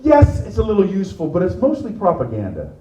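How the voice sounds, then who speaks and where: A middle-aged man performing a stand-up comedy set, animated and teasing the crowd, on a stage microphone. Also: high-pitched, fast. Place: comedy venue with live audience. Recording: echoey room, mic far off.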